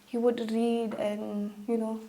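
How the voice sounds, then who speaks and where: A young woman from Meghalaya, India, talking as an interview guest about her own life. Her voice sits a little high but sounds dark and mellow, and she tells her stories with feeling, acting out the lines people said. The talk is loose and conversational. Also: takes it slowly. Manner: emotional, animated storytelling with acted-out quotes. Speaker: guest, pageant contestant. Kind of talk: conversational interview, personal storytelling.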